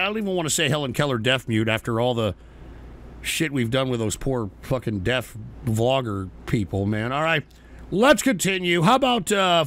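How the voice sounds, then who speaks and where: A man's voice: fairly high pitch, fairly bright tone. A man hosting a call-in show, swearing and ranting at trolls while taking shots on air. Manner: rowdy, swearing, mock-rants at trolls. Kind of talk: profane call-in show banter.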